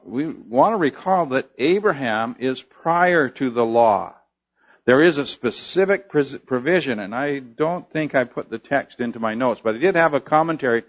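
A man's voice: mid-range voice, highs cut off. A man preaching a sermon, explaining a scripture passage unhurriedly with frequent fillers and restarts. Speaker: pastor.

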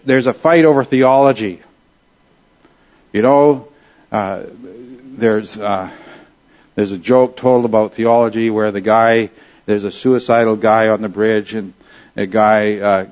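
Earnest preaching man, dull lo-fi sound. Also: mid-range voice. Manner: earnest, conversational preaching with rhetorical questions. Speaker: pastor. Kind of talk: sermon.

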